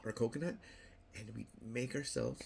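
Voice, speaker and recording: A man's voice: mid-range voice, normal speed, creaky, slight background noise. An older man talking casually to camera as a vlogger, rambling and repeating himself, playfully acting out little quoted voices. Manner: rambling, repeats words and restarts often. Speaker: YouTube vlogger.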